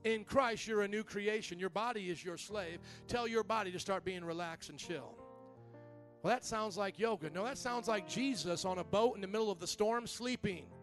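A male pastor giving an animated sermon in a church, calling for amens from the congregation. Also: sits high, normal speed, faint music behind. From Italian-American family. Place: church sanctuary.

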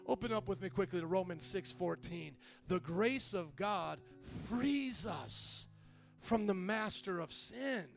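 A man delivers a sermon as pastor, his voice pitched high with a gravelly fry running through it. He drives points home by repeating them and prompting the congregation to answer back, with a soft guitar playing behind him. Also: expressive, takes it slowly. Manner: repetitive preaching with call-and-response.

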